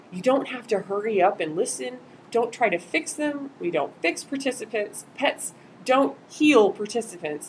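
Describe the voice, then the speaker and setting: Woman trainer, casual and animated, acts out quotes; faint background noise on the stream. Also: mid-range voice, poor audio. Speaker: volunteer trainer. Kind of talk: live-streamed training talk.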